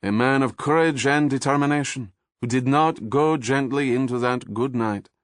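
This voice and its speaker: A man's voice: mid-range voice, normal speed, no echo, clean studio sound, voice pushed up, close to an everyday voice. A man voicing a pompous male museum director delivering a droning, formal eulogy. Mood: solemn.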